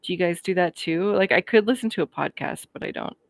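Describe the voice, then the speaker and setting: Her voice sits on the low side and is creaky, captured with no echo. She's a woman in her thirties from Colorado hosting a livestream, casually reading and responding to live comments in a warm, chatty, laugh-prone way.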